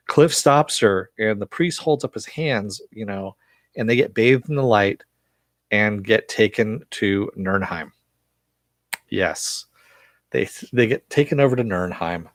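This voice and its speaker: Recapping an episode, a low-voiced male reviewer talks loosely and chattily, cursing freely and leaning on fillers like "uh" and "you know." His sound is dry and close-miked, with no sense of the room.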